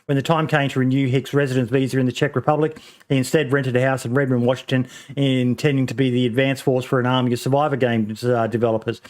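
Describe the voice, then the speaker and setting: A man's voice: mid-range voice, little pitch movement, quick pace. A man hosting a casual gaming podcast, talking in long rambling stretches full of ums and false starts. His voice sits in an ordinary middle register, and he swears offhandedly. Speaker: podcast host.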